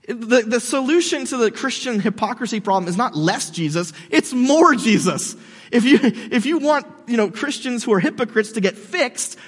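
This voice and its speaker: Casual male preacher with a high voice, slangy and animated, speaking in a hall with long reverb. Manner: slangy and animated, says "dude", restarts words. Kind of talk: casual sermon addressed to skeptics.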